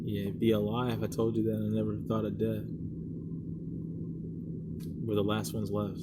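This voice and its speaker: A young man chatting as podcast co-host inside a moving car, telling animated, profane stories. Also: fairly low pitch, moderate pace. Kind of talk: casual chat. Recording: loud car road noise.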